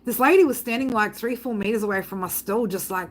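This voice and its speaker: A woman's voice: fairly high pitch, fast. A woman, a psychic tarot reader, telling a story to her viewers in a rambling, blunt way, swearing freely and tagging lines with "right?".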